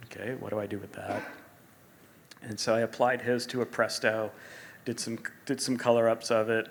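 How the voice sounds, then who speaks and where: A middle-aged man, a sneaker designer as guest, telling animated stories at a live store interview and acting out quotes. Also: fairly low pitch. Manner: animated storyteller, acts out quotes, laughs often. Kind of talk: live stage interview storytelling.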